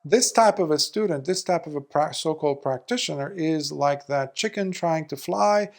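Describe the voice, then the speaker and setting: A Buddhist monk gives a storytelling Dharma talk at normal speed in a creaky voice. He's an animated storyteller, acting out the people in the tale with big jumps in pitch and loudness for their quoted speech.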